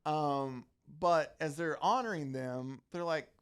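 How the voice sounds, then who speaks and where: A man's voice: fairly high pitch, takes it slowly, a bit bright, smooth. A man co-hosting a podcast, casually retelling a comic story with lots of fillers and acted-out quotes. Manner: rambling retelling with many fillers and quoted lines. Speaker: podcast co-host summarizing a comic. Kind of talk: casual chat.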